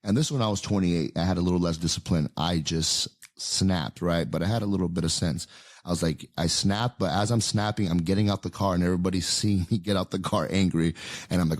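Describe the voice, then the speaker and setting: A man's voice: low voice, fairly even intonation, a little fast, darkish tone, no room sound, clean studio sound. A man in his thirties telling a story in casual podcast chat, rambling with many fillers and restarts. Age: 30s. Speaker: podcast co-host.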